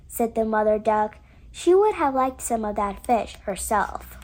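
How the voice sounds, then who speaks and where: High-voiced woman reading a storybook. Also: lively intonation, a little slow, a little mellow. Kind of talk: children's storybook read-aloud.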